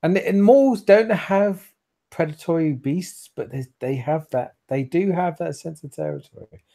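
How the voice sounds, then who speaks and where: A man narrating a tabletop role-playing game as game master, casual and swearing freely, with quick asides to the players. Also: a little high, vocal fry, warm tone.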